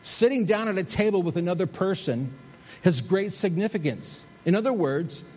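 A man preaching a sermon as a pastor, shifting between emphatic rises and soft, slowed drops. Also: sits high, animated. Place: church sanctuary. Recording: reverberant hall with faint noise.

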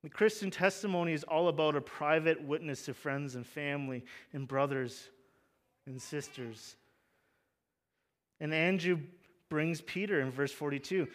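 A man's voice: on the high side, a little slow, long pauses. A young adult man preaching a sermon, conversational, with joking asides and fervent emphasis on key points. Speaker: pastor.

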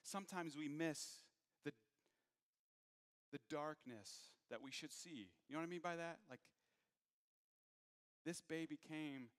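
A man preaching a sermon, moving from hushed, low passages to raised, emphatic ones. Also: in a large hall.

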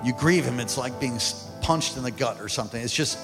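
A male pastor preaching a sermon, calling out to the congregation and swinging from quiet to loud. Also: mid-range voice, a little fast. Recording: hall reverb with faint music.

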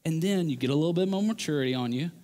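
Man, high voice, sermon to men, earnest, animated. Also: racing. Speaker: pastor.

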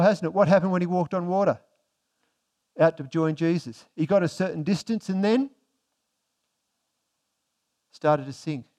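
A man delivering a sermon in an easy, conversational way. His voice sits a little higher than most men's. When he reads scripture he slows down and goes quiet. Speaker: preacher.

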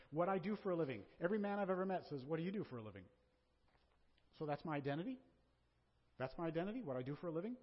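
Man, pastor, Southern American accent, sermon, husky voice, dull lo-fi church recording. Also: fairly high pitch. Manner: conversational preaching with rhetorical questions. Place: church sanctuary. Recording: dull sound with long hall reverb.

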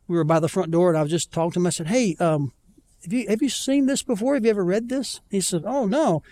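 A man preaching a conversational sermon as pastor, telling stories with self-deprecating humor and slowing down to plead earnestly. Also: sits high, mellow. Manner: conversational storytelling, self-deprecating, pleading slowly at key points. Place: church.

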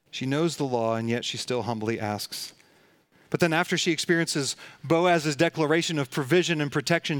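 A man preaching a sermon in a somewhat higher voice than most men. He retells a scripture story and acts out the voices of its characters. The sound is dry and close, with no room echo. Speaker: pastor.

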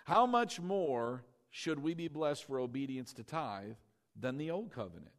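A man's voice: mid-range voice, lively intonation. Man preaching with call-and-response. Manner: asks rhetorical questions, slows down for emphasis. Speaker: pastor. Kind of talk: sermon.

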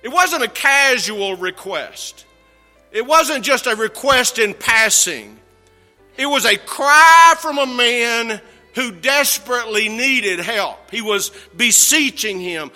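Slow, bright-voiced preaching man. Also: long reverb tail. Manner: earnest preaching, slow emphatic phrasing, drops low at line ends. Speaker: pastor. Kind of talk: sermon.

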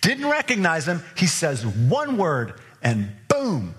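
A man's voice: on the high side, huge pitch swings, slow pace, fairly bright tone. A man preaching a sermon as pastor, earnestly pressing his listeners with repeated questions. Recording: long reverb of a large hall.

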